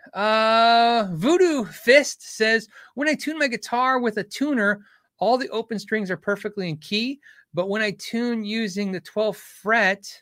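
A middle-aged man with a slightly high voice, chatting loosely as he answers viewer questions about guitar repair. He rambles and corrects himself mid-sentence. The sound is dry and close, with no room around him. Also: fairly bright tone, dry recording. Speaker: guitar repair channel host. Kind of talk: casual live Q&A chat.

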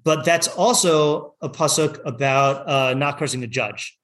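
A man's voice: fairly high pitch, unhurried, fairly bright tone. Man, rabbi, weekly class, casual teaching, frequent fillers, restarts, reads texts aloud. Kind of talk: informal text study class.

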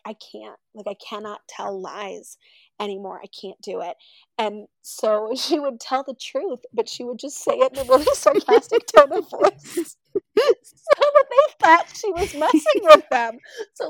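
Animated woman telling a story. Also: a little high, no echo, poor audio. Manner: animated, acts out quoted voices. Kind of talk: casual storytelling.

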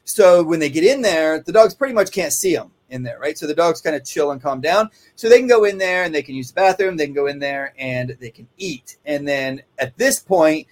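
A man with a slightly higher-than-usual voice, talking through how he trains dogs. He rambles in a loose, conversational way and keeps checking in with listeners by asking "right?". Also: animated, a little fast, hardly any pauses. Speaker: dog trainer. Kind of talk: casual instructional talk. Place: kennel office.

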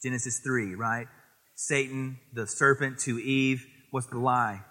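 A man preaching a sermon as pastor, lively and animated, quoting scripture and acting out little voices in his stories. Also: medium pitch, a little slow, big-room sound. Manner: animated, acts out voices in anecdotes, quotes scripture.

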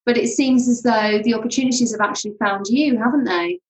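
A woman's voice: a little high, brisk, slight background noise. A woman interviewer asking curious, encouraging questions in a casual chat. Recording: roomy echoey sound.

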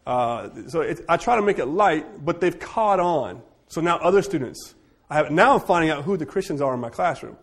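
A man leads a casual church group discussion, telling stories with quick jokes and asides. His voice sits a little high for a man. He sounds lively and talkative. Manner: animated, jokey storyteller with quick asides.

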